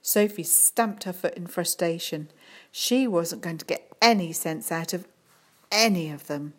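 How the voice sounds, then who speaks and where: A woman reading a children's book aloud in a calm, unhurried storytelling manner. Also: lowish voice. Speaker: audiobook reader.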